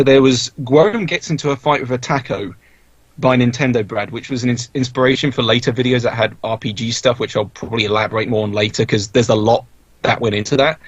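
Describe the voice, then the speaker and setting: A young man talks on a podcast in a husky, slightly breathy voice, wandering through his memories with restarts and fillers. His recording sounds dull and lo-fi, very dry with no room around it. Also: mid-range voice, no room sound. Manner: rambling, many restarts and fillers. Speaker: podcast guest, video creator. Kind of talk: casual podcast interview.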